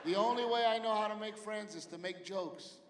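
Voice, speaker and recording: A man's voice: high-pitched, brisk. A middle-aged man doing stand-up comedy in a theater with brash, profane storytelling and acted-out quotes. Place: large theater stage with a live audience. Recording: live hall reverb, audience noise.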